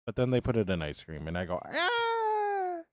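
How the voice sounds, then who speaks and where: A man's voice: sits low, expressive, racing, darkish tone. A man chatting casually on a live game stream, rambling and answering his viewers' chat as he plays.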